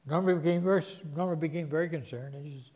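A man preaching a sermon, telling a personal story, his voice swinging from hushed to loud. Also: on the high side, fast, in a large hall, highs cut off.

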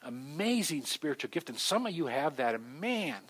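A middle-aged man preaching a sermon, telling stories with an animated delivery that swings from loud to soft. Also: a little high, moderate pace, slightly rough. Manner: animated storytelling, voices shifting loud and soft. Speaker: pastor.

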